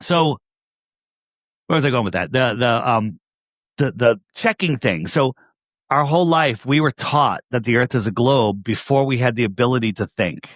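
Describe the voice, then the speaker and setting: A man with a New York accent talks in a casual interview, insistent and repetitive, peppering his points with rhetorical questions. His voice sits at an ordinary pitch. The sound is dry and close. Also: animated, normal speed, dry recording. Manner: emphatic, repeats phrases, asks rhetorical questions. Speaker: podcast guest.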